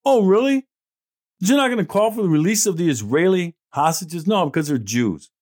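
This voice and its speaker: A middle-aged man hosting an opinion show reads news items and responds bluntly, indignantly and sarcastically. His voice is fairly high, very animated, and a little fast.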